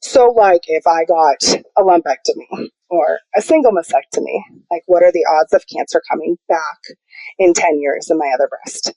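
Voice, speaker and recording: A young woman speaks candidly and quickly as she tells her own story, jumping in pitch when she acts out what others said. Her voice is low and mellow, and the recording is dry and close. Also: no room sound, rough recording. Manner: animated, quick storyteller acting out quotes. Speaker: guest.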